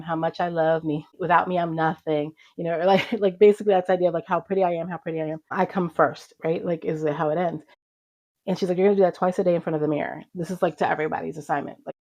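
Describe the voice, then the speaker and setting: A middle-aged woman hosting a podcast, giving casual motivational talk and telling stories in a chatty way full of fillers. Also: low-pitched. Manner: chatty, animated storytelling with frequent fillers. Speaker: podcast host.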